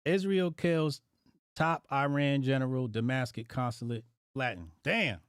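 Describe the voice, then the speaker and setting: A man's voice: medium pitch, unhurried, clear, resonant tone, dry recording, studio quality. A man hosting a casual live stream, reacting aloud to headlines in loose slang. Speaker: livestream host.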